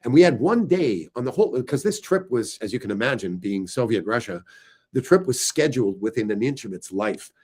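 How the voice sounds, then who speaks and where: A middle-aged man chatting casually about his book, telling stories in a lively way with filler words. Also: medium pitch, fairly quick. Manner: animated storyteller, voices quoted people loudly. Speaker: author discussing his book. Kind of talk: casual storytelling chat.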